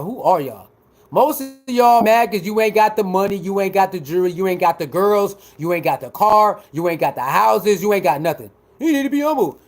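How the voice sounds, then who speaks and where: A man doing casual livestream commentary, talking back to his viewers in an animated, emphatic way. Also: sits high. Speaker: livestreamer reacting to chat.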